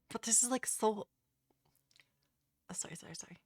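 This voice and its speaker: A woman's voice: medium pitch, a little slow, a little mellow, husky, no room sound, in a whisper, clean studio sound. A woman streamer chatting through a game live, giggly and self-conscious, stumbling over her words.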